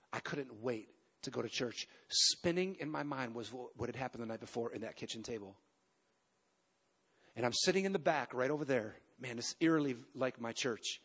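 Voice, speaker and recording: A man in his fifties preaching a sermon in a large church, telling his story in an animated way with emphatic pauses and sudden loud bursts. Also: medium pitch, breathy edge.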